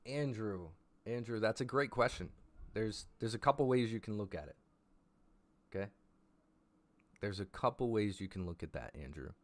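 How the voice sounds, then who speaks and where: Hyped low-voiced man streaming live. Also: moderate pace, long pauses. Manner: hyped, repeats names and phrases. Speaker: livestream host. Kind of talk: casual livestream chat.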